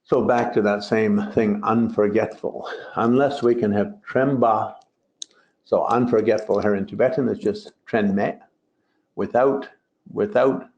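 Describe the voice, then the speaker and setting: With a lowish, darkish voice held to a steady tone and a measured pace, a male Buddhist teacher gives a dharma talk on a translated poem. He digresses often and adds joking asides, captured on a roomy, dull lo-fi recording.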